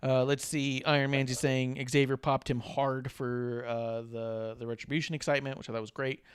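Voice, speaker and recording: A man's voice: medium pitch, flat delivery, moderate pace, clear, resonant tone, no echo. A man hosting a casual podcast, recapping with a joking, rambling manner on a close mic. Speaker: podcast host. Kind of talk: casual chat.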